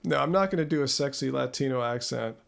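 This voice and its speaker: A man's voice: medium pitch, fast talker, vocal fry. A man hosting a live Q&A on his channel, rambling and self-deprecating with lots of fillers, talking into a close mic. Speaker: channel host. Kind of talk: live Q&A chat. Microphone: close studio mic.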